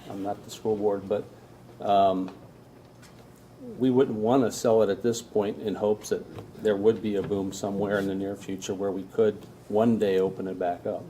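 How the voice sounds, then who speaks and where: A man's voice: lowish voice, level tone, moderate pace, warm tone. A middle-aged man, a school official, speaking sincerely and from the heart at a council meeting. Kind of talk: public meeting remarks. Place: council chamber. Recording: faint room noise, council meeting.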